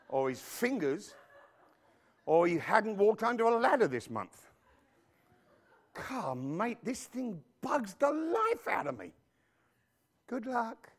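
Animated high-voiced male preacher. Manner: emphatic, animated, rhetorical questions to the congregation. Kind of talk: sermon.

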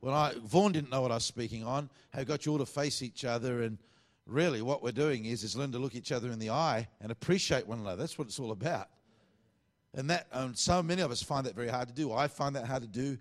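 A middle-aged man with an Australian accent, preaching a sermon in a casual, conversational way with asides. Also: mid-range voice.

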